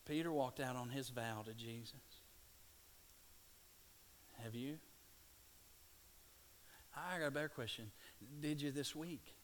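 A man from Louisiana, preaching a sermon and swinging between hushed, slow passages and loud, excited bursts. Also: medium pitch, slight background noise. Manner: dynamic, swings from hushed to shouting. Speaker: pastor.

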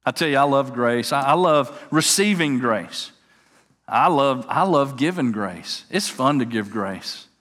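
A man preaching a sermon, animated and folksy, repeating words as he tells a story. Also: medium pitch, unhurried. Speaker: pastor. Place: church sanctuary. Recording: long hall reverb.

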